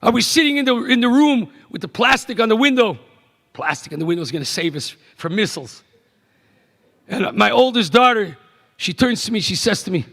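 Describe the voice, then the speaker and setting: A middle-aged man, a rabbi giving a keynote address, telling stories in an animated way that swings from hushed to emphatic. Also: high-pitched, a little fast, creaky. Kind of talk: storytelling speech. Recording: echoey banquet hall PA.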